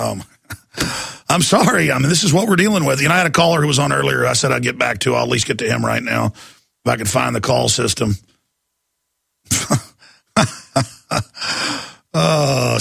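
A man's voice: fairly high pitch, creaky, a bit bright, slightly rough, no echo, studio quality. A man hosting a talk radio show, ranting in a mocking, grotesque way and laughing often. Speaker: radio host taking calls.

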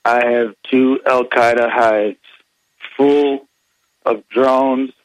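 A man calling a radio show with deadpan sarcasm, slow and hesitant. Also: medium pitch, rough recording. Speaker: caller. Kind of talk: sarcastic phone-in call.

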